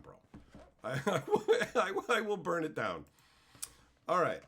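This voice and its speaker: A man live-streaming a card pack opening, reading chat and going off on loud, profane, mock-angry rants. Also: on the high side, wildly swooping pitch, a little slow, slight background noise.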